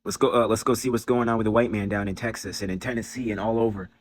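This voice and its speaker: A man's voice: on the low side, fairly even intonation, fast. A man delivering an angry, preachy commentary monologue, profane and repeating his phrases for emphasis. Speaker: video commentator. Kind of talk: heated religious commentary monologue.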